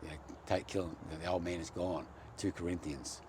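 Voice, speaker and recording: A man's voice: deep voice, steady tone, fairly quick, noisy background. A man giving a personal faith testimony, telling his story in an earnest, heartfelt way.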